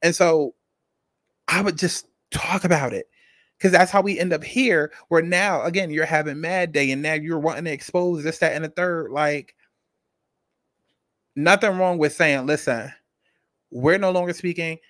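A man commenting on reality-show drama in a blunt, casual way, speaking straight to his viewers. His voice sits a little high for a man and sounds dry and close, with no room around it. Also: normal speed, pauses often, a bit bright, no echo. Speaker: commentary channel host.

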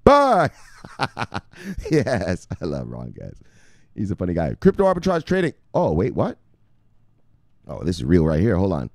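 A rowdy, foul-mouthed man riffs through his cryptocurrency vlog in loose street slang. His pitch swings wildly from low mutters to high yelps. The recording is dry, with no room sound. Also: wildly swooping pitch, moderate pace, pauses often, warm tone, no room sound. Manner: boisterous and profane, street slang. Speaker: crypto news vlogger. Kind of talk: casual profane commentary.

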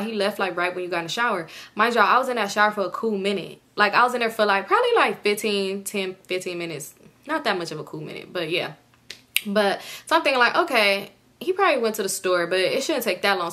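A young woman telling a casual story to camera, animated, swearing freely and jumping into the voices of the people in it. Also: mid-range voice. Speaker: storytime vlogger.

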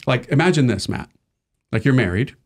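A man's voice: mid-range voice, animated, fairly quick. Chatty, self-deprecating male priest. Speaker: Catholic priest. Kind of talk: casual conversation.

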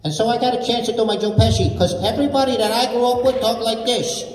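A man putting on a brash old-school Brooklyn tough guy with a Brooklyn accent, talking fast and punchy. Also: very high voice, darkish tone, a little hiss or hum, pitched above the performer's own voice. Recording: echoey convention hall from far off.

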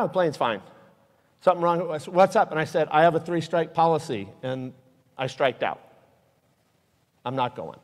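A man giving an earnest, emotional aviation safety talk to a live audience, telling stories. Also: fairly high pitch. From Utah. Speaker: guest speaker. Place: hangar event space. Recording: echoey hall with long reverb.

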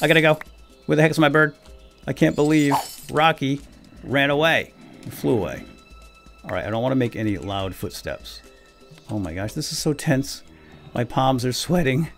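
A man hosting a let's play, excitable and swinging between loud outbursts and hushed whispers as he narrates his game. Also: on the high side. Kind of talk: gameplay commentary.

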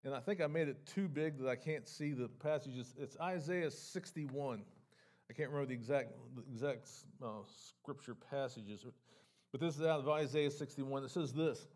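A man's voice: mid-range voice, moderate pace, a little mellow. Earnest pastor, a man preaching. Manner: earnest, conversational preaching with frequent word repeats and restarts. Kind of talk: sermon. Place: church sanctuary.

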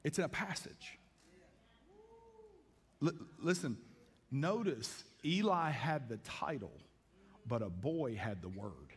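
Folksy preaching pastor in a church hall. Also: male voice, mid-range voice, animated, slow pace, long pauses, slightly rough. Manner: folksy, emphatic preaching with frequent restarts. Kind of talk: sermon. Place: church sanctuary. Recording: long reverb of a church hall.

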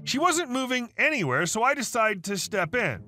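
A male synthetic-sounding voice reading online stories aloud in an even manner, speaking the dialogue tags out loud. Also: very high-pitched, moderate pace, soft background music. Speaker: story narrator.

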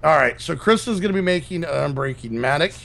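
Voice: medium pitch, lively intonation, fast talker, creaky, a bit bright. A gamer joking around and leading tasks in casual chat with friends. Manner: joking, puts on silly twangs. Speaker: let's play gamer.

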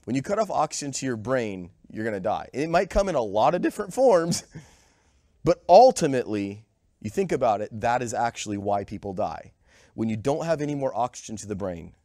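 A man's voice: mid-range voice, big pitch swings, brisk, dark tone, no room sound, studio quality. A man giving a conversational sermon with a cold, quizzing the congregation and sometimes short of breath. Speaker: pastor. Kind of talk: sermon with audience questions. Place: church sanctuary.

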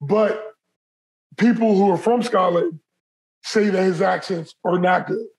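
Co-host with a mid-range voice, animated, stumbles and restarts in casual chat. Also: mid-range voice, measured pace, low-quality recording. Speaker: podcast co-host.

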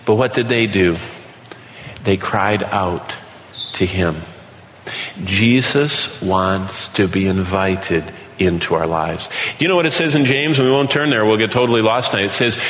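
A middle-aged man preaching a Bible sermon, animated, asking questions and then answering them himself. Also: medium pitch. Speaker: Bible teacher. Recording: echoey hall with long reverb.

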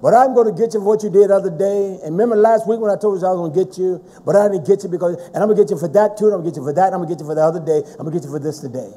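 Guy putting on his old granny, scolding fast, piling up threats. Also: high-pitched, dark tone. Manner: rapid, repetitive threatening. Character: scolding older grandmother promising punishment.

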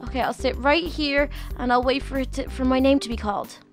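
Woman doing a nervous eager little schoolgirl, high voice, chatty and gushy, narrating her own game roleplay. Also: a little fast, faint music behind. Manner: chatty, self-narrating, gushing exclamations. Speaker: channel host.

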